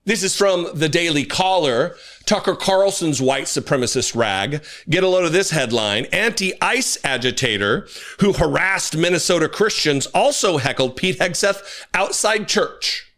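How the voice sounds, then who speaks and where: Man, mocking commentary host, bright high voice, swinging pitch. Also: unhurried. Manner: sarcastic, mocking, animated. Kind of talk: casual commentary.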